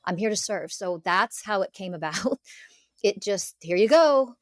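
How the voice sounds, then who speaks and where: A woman's voice: medium pitch, fairly even intonation, unhurried, dry recording, clean studio sound. A middle-aged woman speaking earnestly as a podcast guest, making emphatic declarations about her spiritual teaching. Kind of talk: conversational interview.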